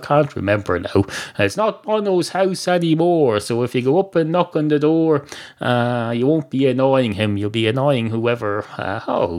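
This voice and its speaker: A man's voice: mid-range voice, darkish tone. An Irish man hosting a podcast, improvising a comic story with rambling, dry digressions. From Ireland. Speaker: podcast host.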